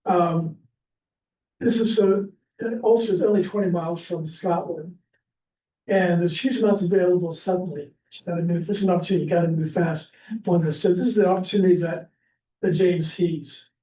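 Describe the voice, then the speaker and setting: This warm, high-sitting male voice belongs to a man from Pennsylvania teaching history informally at church. His talk wanders, packed with fillers and false starts, captured on a distant mic in an echoey room with light hiss.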